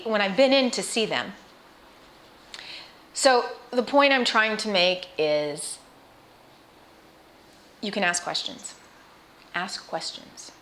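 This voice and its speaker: A woman's voice: mid-range voice, a bit bright, a little hiss or hum. Middle-aged woman, personal vlog to camera, earnest, emotional, conversational, restarts and asides. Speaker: cancer patient sharing her experience.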